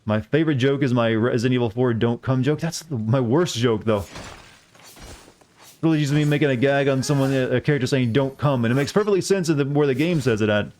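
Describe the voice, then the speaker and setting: A man's voice: medium pitch, fast, darkish tone, a little hiss or hum. A man chatting casually while streaming a game, rambling and joking at his own expense, full of fillers and restarts. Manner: rambling, self-deprecating joker with many fillers and restarts. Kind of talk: casual live-stream chat while playing.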